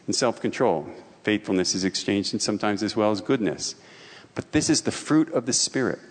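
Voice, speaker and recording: A man preaching a sermon as a pastor. He reads scripture and lists at a measured pace, prays, and explains in relaxed asides. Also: mid-range voice. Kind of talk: sermon with scripture reading and prayer. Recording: long hall reverb.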